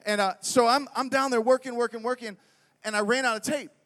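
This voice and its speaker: A middle-aged man from Pittsburgh preaches in a bright, fairly high voice, telling a funny story from the festival stage. He keeps checking in with the crowd and peppers his talk with "like" and "right?". His voice rings out with a long echo off a big hall. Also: a little fast. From Pittsburgh, United States. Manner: animated, quizzes the crowd with frequent questions, many fillers. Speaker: festival speaker. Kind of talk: humorous storytelling sermon. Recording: long reverb from a large venue.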